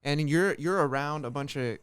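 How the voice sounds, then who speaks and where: A man's voice: fairly high pitch, normal speed, clean tone, dry recording, studio quality. A man hosting an interview, asking curious, encouraging questions. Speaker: host.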